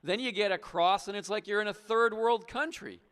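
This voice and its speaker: A man's voice: sits high, fairly bright tone, clean tone. A man hosting a comedic call-in show as a blustering patriotic trucker who argues with callers. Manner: bombastic, blustering, quick to argue.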